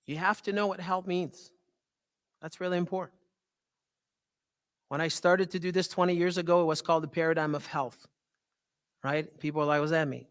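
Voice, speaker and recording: A man with a French Canadian accent gives an animated health talk to a live audience. His voice sits very high and sounds bright and forceful. He keeps tossing questions back to the room. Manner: animated, repeats "right?" to the audience. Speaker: holistic health doctor giving a talk.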